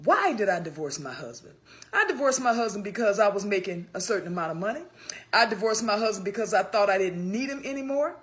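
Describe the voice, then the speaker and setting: A woman's voice: mid-range voice, expressive, fast talker. A woman giving an emphatic, repetitive, profane confessional monologue.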